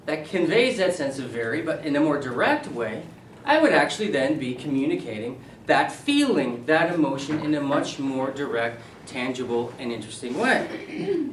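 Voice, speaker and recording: A middle-aged male professor teaching a seminar, his voice bouncing high and low as he quizzes the class and echoes their answers. He sounds fairly high for a man and stands back from the camera in an echoey room. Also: distant mic, a little hiss or hum. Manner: animated, asks the class questions and repeats their answers. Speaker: university English professor. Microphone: camera at a distance.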